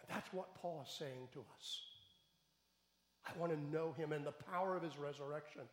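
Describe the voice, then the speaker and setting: A man's voice: on the high side, normal speed, roomy sound, big-room sound. A male pastor giving a sermon in a church, speaking earnestly and building to raised, emphatic questions. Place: church sanctuary.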